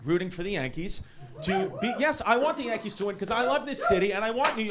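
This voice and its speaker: A man with a New York accent doing a rambling, animated stand-up set in a comedy club, shouting some punchlines. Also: very high voice, a little fast, over a noisy crowd. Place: comedy club with a laughing audience. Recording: live club recording with audience noise.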